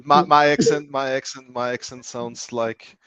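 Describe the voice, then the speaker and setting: A man's voice: mid-range voice, steady tone, moderate pace, pushed and bright, smooth. A man from Austria with an Austrian accent speaking English in casual chat, repeating words as he searches for them.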